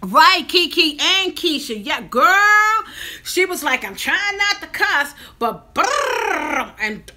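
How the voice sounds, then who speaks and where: A woman, chatting casually and emphatically to viewers in a vlog. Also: high voice. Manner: animated, talks straight to viewers, emphatic. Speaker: vlogger. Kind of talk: casual mukbang chat to viewers.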